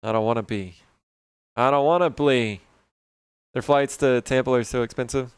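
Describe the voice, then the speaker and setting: Man, thirties, casual live-stream chatter, relaxed, rambling, clean resonant voice, dry close sound. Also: mid-range voice, normal speed, clear, resonant tone, no echo. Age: 30s. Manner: relaxed and rambling, chatting with viewers while working.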